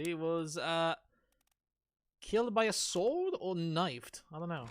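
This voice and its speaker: A man's voice: fairly high pitch, lively intonation, slow, long pauses, no room sound. A man streaming a game, thinking aloud through clues with wry, self-mocking jokes. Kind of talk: casual live gameplay commentary.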